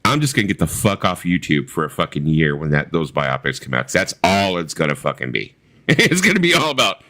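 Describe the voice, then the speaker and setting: A man co-hosting a casual livestream chat, telling stories in a blunt, profane, animated way. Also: low voice, fast talker. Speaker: co-host of a livestream.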